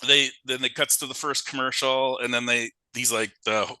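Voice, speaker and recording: Brief: young male podcast co-host, very bright and forward tone, dry close mic, lively movie recap. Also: mid-range voice, normal speed, clean tone, dry recording, rough recording. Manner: animated retelling with acted-out quotes and laughs. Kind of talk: casual horror movie chat.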